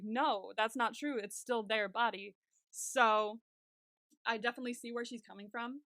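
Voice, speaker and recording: A young woman co-hosting a podcast, talking in casual chat, animated and swearing freely. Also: on the high side, no echo, clean studio sound. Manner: animated, swears freely, quick bursts of anger. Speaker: podcast co-host.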